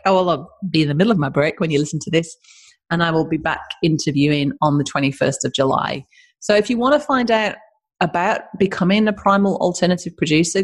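A woman hosts a podcast in a relaxed, chatty way, upbeat and quick with her fillers. Her voice sits slightly low for a woman. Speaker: podcast host. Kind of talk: casual podcast chat.

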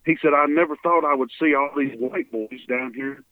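This Texan interviewee's voice leans high and moves at a normal clip, carried over a tinny, dry phone line with no room sound. Earnest in his telling, he voices the characters in his radio story with feeling.

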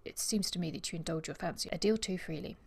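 A woman reading the part of a dry, practical gentleman in his thirties, clipped and severe. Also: on the low side, fast, vocal fry, breathy edge. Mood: stern.

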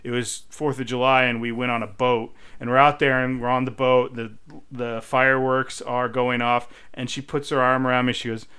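A man with a bright, clear voice tells stories during a casual podcast chat, where he's one of the co-hosts. His pitch is medium and his speed normal, and he tells his tales with animation, acting out the quotes.

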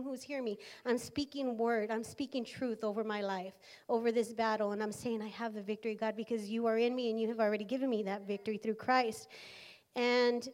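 A woman in her thirties telling a personal testimony in church, earnest and acting out the dialogue. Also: a little high. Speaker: speaker sharing a testimony.

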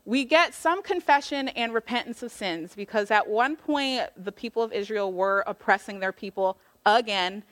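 A woman's voice: a little high, normal speed, hardly any pauses, a bit bright. Chatty woman preaching in slangy style. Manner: chatty, slangy, acts out quotes with voices. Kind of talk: casual sermon retelling a Bible story.

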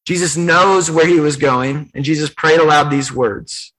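A man's voice: on the high side, measured pace, bright, forceful tone, rough recording. A man preaching a sermon, earnest and emphatic, retelling scripture in his own words with repetition. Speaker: pastor.

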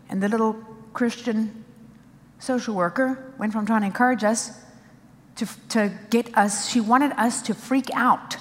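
A woman's voice: fairly high pitch, slow, pauses often, big-room sound. A woman preaching a sermon with emphasis, driving points home in short repeated phrases.

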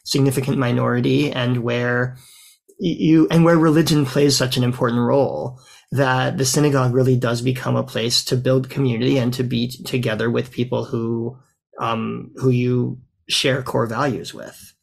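A man from the American South, a rabbi hosting an interview with reflective, measured questions. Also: medium pitch, flat delivery, vocal fry. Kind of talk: conversational interview.

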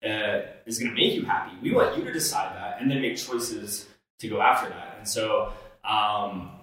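A man's voice: fairly low pitch, normal speed, fairly bright tone. Man on a roomy, distant mic. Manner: earnest, coaching tone with fillers. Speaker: podcast co-host. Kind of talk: casual podcast chat. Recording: echoey room, off-mic.

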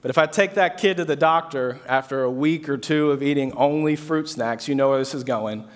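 A man's voice: a little high, fairly quick. A young man preaching a sermon to an audience, telling a story with casual asides and repeated phrases. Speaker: pastor. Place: hall with an audience. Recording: long hall reverb.

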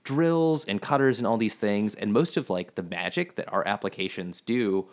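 A man with a somewhat low voice talks shop as a podcast guest. He stops and restarts his sentences, then races through his explanations. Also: animated. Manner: halting, restarts a lot, then explains in fast bursts. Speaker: podcast guest, software engineer. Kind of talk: casual chat.

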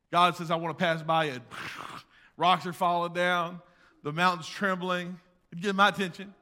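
A man preaches a sermon in a church sanctuary, his voice ringing with a long hall reverb. His tone is bright and fairly high, and he moves between loud, driving emphasis and quiet, hushed asides. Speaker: pastor.

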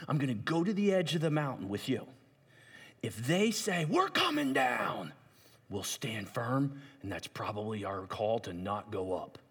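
A bold young warrior prince, dropping his voice low and hushed to lay out a daring plan, as a preacher puts him on. The tone is husky and rings in a long hall reverb. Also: very animated, moderate pace. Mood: scheming.

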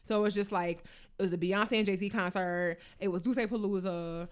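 A young woman telling a personal story in casual chat, animated and freely swearing. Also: mid-range voice, moderate pace, smooth.

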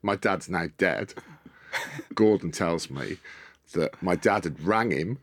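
Low-voiced man telling lively stories. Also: slow, no room sound, clean studio sound. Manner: animated storyteller, swears, acts out quotes. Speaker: podcast guest. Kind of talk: casual storytelling chat.

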